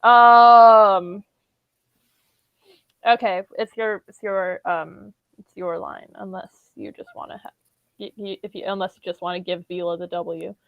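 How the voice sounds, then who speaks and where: A woman's voice: mid-range voice, steady tone, measured pace, no room sound, highs cut off. A woman streamer chatting casually and teasing her friend while they read fan fiction aloud, swearing freely. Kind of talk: casual chat and dramatic reading. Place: home room.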